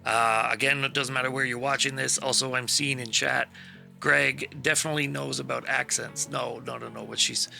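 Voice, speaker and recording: A man with a deeply gravelly, rough edge and a bright, forward tone. He rambles through an easygoing post-game wrap-up, swearing freely and heaping praise on the other players as he goes. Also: steady tone, normal speed, faint music behind. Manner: rambling, enthusiastic, swears casually. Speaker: player and stream host. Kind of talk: casual post-session chat.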